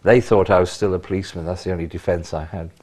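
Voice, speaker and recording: An older man with a very deep voice tells his stories in an interview. He is animated and punches key words with sudden emphasis. He speaks as a retired police officer recalling his career. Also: fast talker. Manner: animated storyteller, bursts of emphasis. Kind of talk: anecdotal interview.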